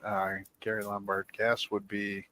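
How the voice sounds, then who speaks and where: Low-voiced man reading viewer comments. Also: completely flat delivery, unhurried, pushed and bright, poor audio. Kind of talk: casual live chat.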